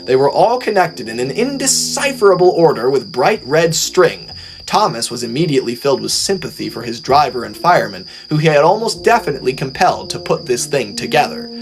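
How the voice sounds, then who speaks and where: A man narrating a storybook, reading in a lively, expressive way. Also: mid-range voice, a little fast, creaky, over music.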